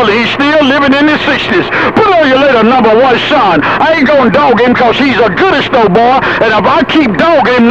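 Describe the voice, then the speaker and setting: A man trash-talking over a CB radio, boastful and taunting. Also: very high voice. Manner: boastful, taunting trucker slang. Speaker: CB radio caller. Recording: muffled CB radio with loud static.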